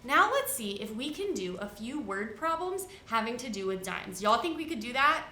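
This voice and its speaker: A woman's voice: fairly high pitch, big pitch swings, normal speed, pushed and bright, roomy sound. A woman teaching a first grade lesson in a sing-song, encouraging way, talking to children. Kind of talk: televised classroom lesson. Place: studio set.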